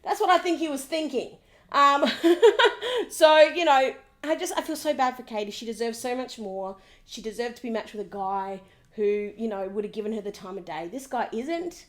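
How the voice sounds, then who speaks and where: A woman with a high, bright-pitched voice recaps a reality TV episode in a gossipy way. She is animated and sarcastic and keeps slipping into mimicry of the people she discusses. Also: moderate pace.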